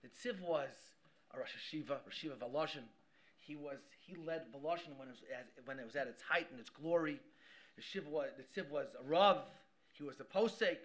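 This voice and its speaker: Bright high-voiced rabbi teaching. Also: male voice. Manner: animated storytelling with frequent repeats. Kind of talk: Torah class talk. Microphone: live stream mic.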